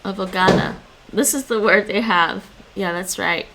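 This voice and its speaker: A woman's voice: medium pitch, normal speed, background noise. A woman streaming her language study, thinking aloud, correcting herself and explaining grammar as she goes.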